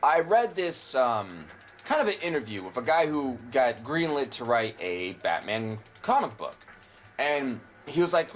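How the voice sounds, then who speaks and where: A man's voice: medium pitch, big pitch swings, a little slow. A young man casually commentating a video game, rambling and opinionated, with frequent swearing. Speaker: gameplay commentator. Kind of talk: casual let's play commentary.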